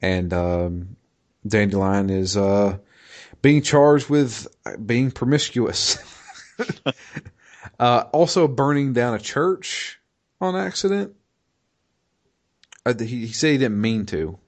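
A man in casual chat, recapping a game in a halting way with many fillers and restarts. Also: medium pitch. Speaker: podcast co-host recapping a video game.

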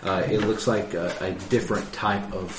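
A man's voice: low-pitched, fairly even intonation, moderate pace, far from the mic. A man running a tabletop game as game master, narrating in a loose, rambling way with many restarts. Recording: roomy echo, faint noise.

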